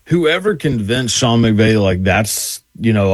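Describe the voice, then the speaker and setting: A man co-hosting a talk show in casual banter, offhand, often trailing off into low mutters. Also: slow pace, no echo. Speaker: co-host.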